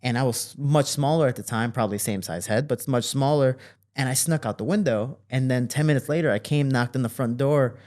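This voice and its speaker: A man telling stories from his childhood as a guest in an interview, with lively quoting and relaxed fillers. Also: fairly quick. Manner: animated, jumps higher to quote people; fillers and restarts, relaxed flow. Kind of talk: casual storytelling.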